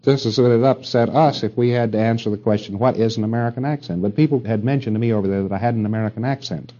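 A man's voice: mid-range voice, quick pace, mellow, highs cut off. A middle-aged man giving a rambling lecture to an audience, with wry asides and rhetorical questions.

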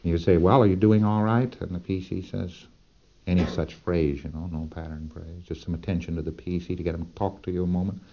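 Low-voiced man lecturing, dull lo-fi tape. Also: level tone, brisk, creaky. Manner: folksy, emphatic, rhetorical asides. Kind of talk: lecture to trainees.

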